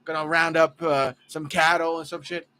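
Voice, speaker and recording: A man's voice: fairly high pitch, little pitch movement, normal speed, sharp tone. A man putting on the voice of a rugged, boastful country man who drives trucks and herds cattle. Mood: swaggering.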